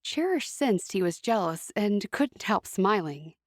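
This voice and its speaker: A woman narrating an audiobook in an expressive storytelling manner, on a close studio mic. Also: medium pitch, a little slow, no echo. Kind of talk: scripted narration.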